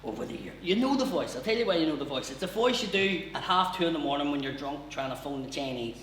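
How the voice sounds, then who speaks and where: A man's voice: fairly high pitch, lively intonation, fast talker, few pauses, fairly bright tone, echoey room, distant mic, a little hiss or hum, low-quality recording. A man with a Northern Irish accent doing a brash, sweary stand-up comedy routine at a live venue.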